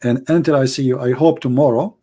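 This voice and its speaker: A hoarse man hosting a livestream on religion, speaking emphatically in broken English and firing off rhetorical questions. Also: mid-range voice, steady tone, brisk, mellow. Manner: emphatic, rhetorical questions, non-native grammar. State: hoarse, voice nearly gone. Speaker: livestream debate host. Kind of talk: live-streamed religious polemic.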